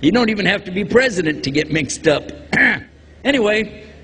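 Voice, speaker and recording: A man's voice: sits high, animated, normal speed, a bit bright. A man from Texas, preaching a religious lecture to a live audience, joking and quizzing the crowd. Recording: long hall reverb, faint background noise.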